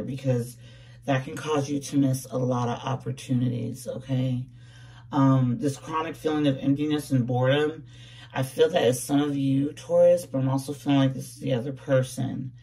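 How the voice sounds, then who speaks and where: A tarot reader in a casual reading, voice going a bit hoarse, talking in a playful, slangy way with lots of repeated words and "okay?". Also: mid-range voice, mellow, distant mic. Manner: jokes about putting on a fake accent.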